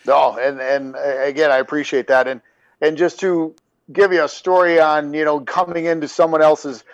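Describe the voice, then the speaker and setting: Middle-aged guy, kinda high voice, rambly animated stories, dry sound. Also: moderate pace, no echo, lo-fi sound. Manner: rambling, animated when acting out anecdotes. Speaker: former pro hockey player, guest. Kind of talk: casual storytelling chat.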